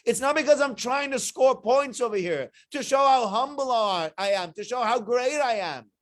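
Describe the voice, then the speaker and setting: A man voicing an earnest high priest, high and insistent. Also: lively intonation, moderate pace.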